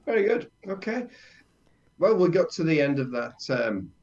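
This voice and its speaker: A man's voice: a little high, big pitch swings, normal speed, darkish tone. Inquisitive male learner, dull lo-fi sound. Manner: inquisitive learner, reading out phrases and checking pronunciation. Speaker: co-host learning Italian. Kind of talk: casual language podcast chat.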